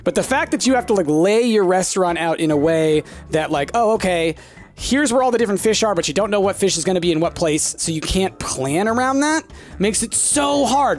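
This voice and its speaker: A man with a drawl gives solo gameplay commentary on his own channel. He talks in a frantic, exasperated way, and his pitch climbs and swoops a lot. His voice sits a little high for a man, with faint music under him. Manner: frantic, exasperated, says "y'all". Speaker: gaming channel host.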